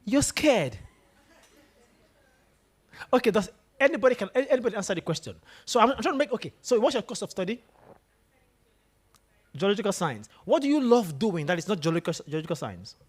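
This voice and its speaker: A man giving a motivational talk to students in a lecture room. He is animated and keeps questioning his audience directly. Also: high-pitched, fairly quick, pauses often, slightly rough. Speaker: guest speaker at a university.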